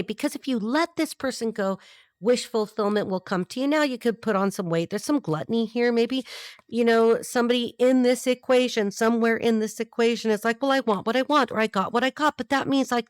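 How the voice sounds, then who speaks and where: A woman's voice: a little high, no echo, clean studio sound. A woman giving a casual tarot reading, blunt and profane, tossing off wisecracks and jumping from thought to thought. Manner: animated, jumps between thoughts. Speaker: tarot reader.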